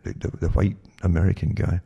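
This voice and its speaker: A man with a very low voice and a heavy gravelly fry, talking in a long rambling monologue. His tone is dark and husky, and he keeps restarting sentences and tossing "eh?" at the listener. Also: steady tone, a little fast, dull audio. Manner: rambling, with frequent restarts and asides like "eh?". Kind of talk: monologue commentary.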